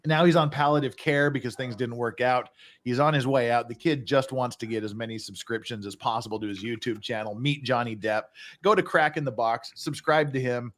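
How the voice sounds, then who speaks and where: A male host of a relaxed livestream, speaking in an everyday mid-range voice. He rambles and restarts as he reads viewer messages and gives shout-outs. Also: medium pitch, a little fast. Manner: rambling, reads super chats aloud. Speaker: show host. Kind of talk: casual livestream chat.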